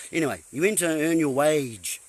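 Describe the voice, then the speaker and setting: A man's voice: a little high, expressive, moderate pace, low-quality recording. A man hosting a live stream, talking in a rambling monologue full of playful puns, rhetorical questions and sudden exclamations.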